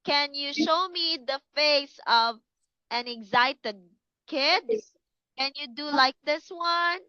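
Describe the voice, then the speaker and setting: A woman teaching English to young children, speaking slowly and clearly and encouraging them to repeat words. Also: high voice, pushed and bright, dry recording, lo-fi sound. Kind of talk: online class for kids.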